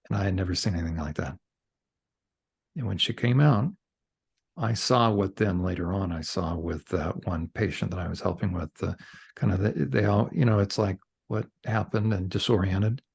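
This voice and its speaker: Guesting on a podcast, a middle-aged counselor relates a story in conversation, animated and talking with his hands. He has a low, gravelly, slightly rough voice.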